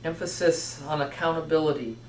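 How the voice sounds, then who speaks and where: Man, sermon-style lecture, slightly high voice, emphatic repeated lists, distant mic in a roomy hall. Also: fairly quick, darkish tone, slight background noise. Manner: repetitive, emphatic listing with self-restarts. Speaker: teacher speaking on Christian vocation. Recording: echoey room, voice from far off.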